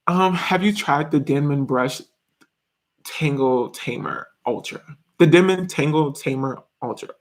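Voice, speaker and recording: A man's voice: on the high side, unhurried, long pauses, fairly bright tone. A man hosting a casual live stream, answering viewers' questions in a jokey, rambling way and laughing often. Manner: chatty and rambling. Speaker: video host.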